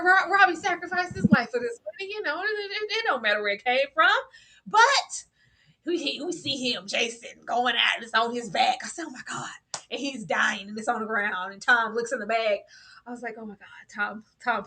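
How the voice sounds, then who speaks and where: Animated laughing woman recapping TV. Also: high voice, a little hiss or hum. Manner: animated, laughing, swings from hushed asides to loud outbursts. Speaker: co-host of a TV recap show. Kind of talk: casual chat reviewing a TV episode.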